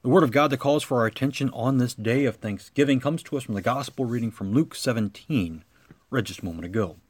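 A man preaching a sermon as pastor, with a measured cadence that swells into emphatic lines. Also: mid-range voice.

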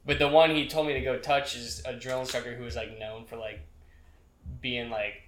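A man's voice: medium pitch, little pitch movement, normal speed, a bit bright, roomy sound, a little hiss or hum. A young man, a military veteran, telling profane boot camp stories in casual chat with friends, laughing as he goes.

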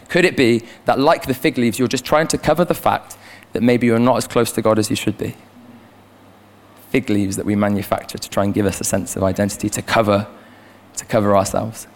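A young man with a mid-range voice, serving as a youth leader, delivers a conversational sermon in church through a handheld microphone. He's earnest and keeps repeating words as he restarts his sentences.

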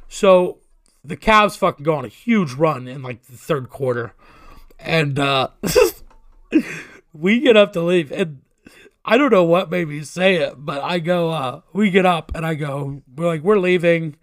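A man with a somewhat high voice tells a rambling, profane story in a casual chat. He laughs at himself and leans into the punchlines. The sound is dry and close, with no room around it. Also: a little slow, dry recording. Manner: profane, animated, self-mocking storyteller.

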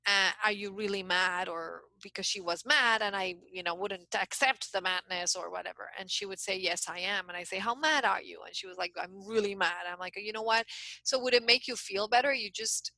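A woman's voice: mid-range voice, brisk, gravelly, dry recording, poor audio. A middle-aged woman coach telling a story in a casual interview, talking in bursts with frequent restarts. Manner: animated storyteller, many restarts. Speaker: guest coach.

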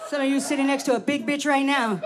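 A woman's voice: sits high, steady tone, quick pace, noisy background. A woman in her forties doing a brash, profane stand-up comedy set, teasing the crowd from a club stage. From United States.

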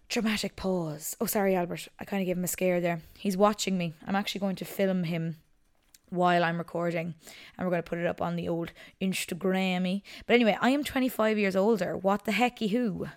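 A woman, hosting a casual solo podcast from her couch at home, chatty and animated. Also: on the low side, fairly quick. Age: 20s. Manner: chatty and animated, breaks off to scold her dog. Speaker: podcast host. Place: living room at home, on the couch.

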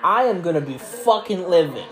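A woman's voice: on the low side, lively intonation, normal speed, fairly bright tone. A young woman hosting a movie reaction, blunt and sarcastic, swearing constantly. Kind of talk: profane reaction commentary.

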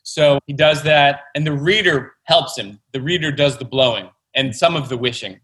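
Bright-voiced chatty man. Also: mid-range voice, normal speed, rough recording. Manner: enthusiastic, chatty. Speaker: children's book author, guest. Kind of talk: casual interview talk.

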